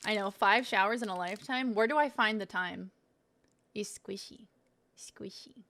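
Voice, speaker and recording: A woman's voice: medium pitch, fairly quick, a bit bright. Chatty woman streamer tasting snacks. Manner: chatty and self-mocking, with frequent swearing. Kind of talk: casual chat while taste-testing snacks.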